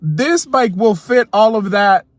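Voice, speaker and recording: Guy doing a blunt older store clerk, flat and offhand, high voice. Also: measured pace, dry recording, soft background music.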